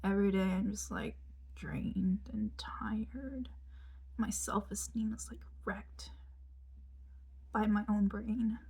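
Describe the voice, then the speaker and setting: A woman's voice: medium pitch, steady tone, slow, creaky, pauses often, dark tone, breathy edge. A young woman telling a rambling casual story, full of fillers and dropping into whispered asides while she does her makeup. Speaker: vlogger.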